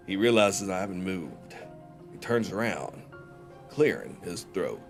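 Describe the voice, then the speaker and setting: A young man from Georgia with a Southern US accent, a streamer who chats casually and reads a game story aloud slowly. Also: sits low, lively intonation, soft background music. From Georgia, USA. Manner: chatty, joking, slow and deliberate when narrating.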